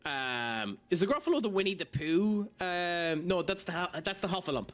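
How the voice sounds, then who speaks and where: His voice sits high and a bit bright, expressive and at a normal speed. The young man chats casually while streaming a game, poking fun at himself and leaning on plenty of fillers.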